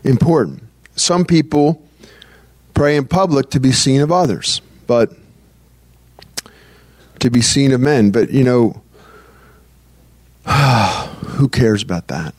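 A man preaching a sermon in a loose, conversational way, often repeating phrases and restarting sentences, and reading scripture slowly. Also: mid-range voice, lively intonation, a little mellow, no echo.

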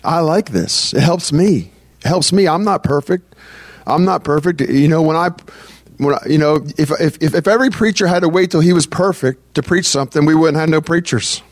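A man with a slightly high voice preaches a sermon loosely and conversationally, often repeating phrases and restarting sentences, and he reads scripture slowly. There's no echo.

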